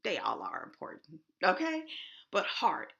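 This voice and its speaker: A middle-aged woman from Houston talks in a Texan accent, leading a casual conference session with chatty, emphatic energy. Her voice sits a little low for a woman, with a gravelly fry and a bright, forceful edge. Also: huge pitch swings, unhurried, dull audio. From Houston, Texas. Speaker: conference presenter.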